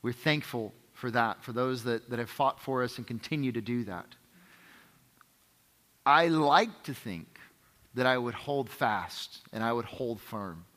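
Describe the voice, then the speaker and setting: In a reverberant hall, a pastor preaches a conversational sermon, often asking "right?" and hammering points home through emphatic repetition. His medium-pitched voice is fairly bright, unhurried, and lively in intonation.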